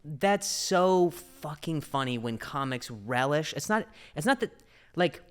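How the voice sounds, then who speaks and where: A man with a stutter hosts a casual podcast. His voice sits a little high, and he talks into a studio mic with lots of rise and fall. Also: expressive, unhurried, fairly bright tone, smooth. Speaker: podcast host.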